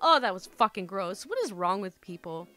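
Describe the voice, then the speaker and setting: Bright, lively woman telling stories. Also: medium pitch, normal speed. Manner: chatty, swears, addresses listeners as "my dudes". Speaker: storytime channel host. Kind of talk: casual storytime reading and chat.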